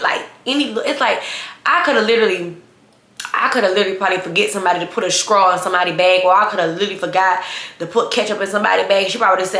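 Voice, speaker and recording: A young woman vlogger telling a story in casual chat, blunt, sassy and animated, often laughing. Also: medium pitch, fast. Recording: roomy echo.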